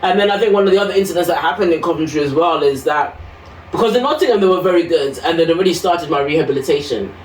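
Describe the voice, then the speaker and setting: A woman telling her own story casually and animatedly, acting out what others said to her. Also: quick pace. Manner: animated, acts out quotes in high voices. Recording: echoey room, mic at a distance, faint noise.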